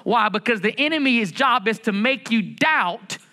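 A man preaching a sermon as pastor of a church, in a lively conversational way with humor and rhetorical questions. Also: very high-pitched, moderate pace. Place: church building.

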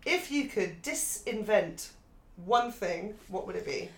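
A woman's voice: medium pitch, animated, takes it slowly. Woman, posh English accent, dry laid-back podcast chat, echoey room. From England. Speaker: podcast co-host. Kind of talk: casual chat. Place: lounging on a sofa at home.

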